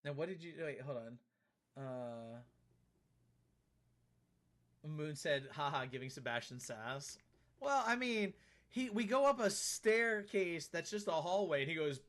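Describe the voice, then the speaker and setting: A man's voice: fairly high pitch, lively intonation, normal speed, fairly bright tone. A man streaming a game live, chatting casually and teasing an on-screen character.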